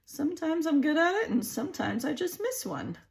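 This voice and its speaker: A hoarse woman in her forties, hosting a casual craft tutorial and chatting with her viewers. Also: sits high, very animated, brisk. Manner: chatty, laughs often, talks to viewers as "you guys". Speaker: crafting channel host.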